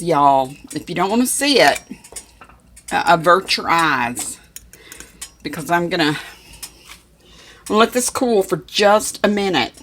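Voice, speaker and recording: A woman talks through a home cooking vlog. She speaks slowly in a lowish voice, chatty and homey, turning now and then to address her dog. Faint noise runs underneath. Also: fairly bright tone. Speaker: home cook vlogger.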